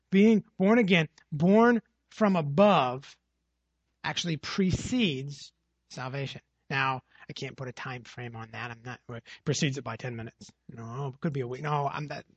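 A man with a somewhat high, husky voice preaches a verse-by-verse sermon. He leans hard on key phrases and keeps checking in with his listeners through "right?" and "okay?". The sound is dry and a little dull, with a lo-fi edge. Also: normal speed, dry recording. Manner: emphatic, repeats phrases with rhetorical "right?". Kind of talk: expository sermon.

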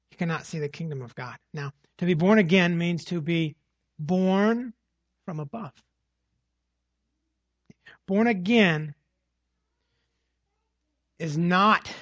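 A man's voice: fairly high pitch, fairly bright tone, no room sound, lo-fi sound. A man preaching an expository sermon, emphatic, often repeating phrases and asking "right?" to drive a point home.

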